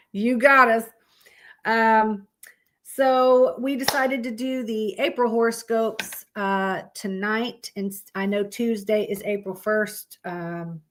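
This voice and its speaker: A woman's voice: fairly high pitch, a bit bright, a little hiss or hum. A woman hosting a live stream, chatting casually with her viewers, greeting them by name and swearing freely.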